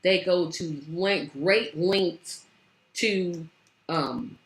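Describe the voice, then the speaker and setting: A woman's voice: on the low side, drawn-out words, reverberant. A woman hosting her own show, chatting casually and rambling with many fillers, saying she is tired. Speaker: show host. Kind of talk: casual livestream chat.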